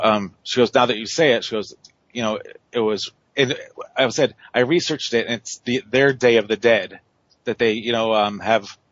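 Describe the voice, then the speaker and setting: A man's voice: fairly low pitch, fairly bright tone, dry recording, lo-fi sound. A man telling a story on a radio show, rambling with many fillers and restarts. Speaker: paranormal investigator guest.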